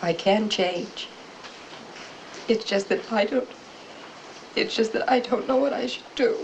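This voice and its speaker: A woman's voice: on the high side, a little slow, creaky, a little hiss or hum, low-quality recording. An actress playing a hurt, tearful wife who confronts and then pleads with her unfaithful husband, in the style of a 1960 Hollywood film. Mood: pleading.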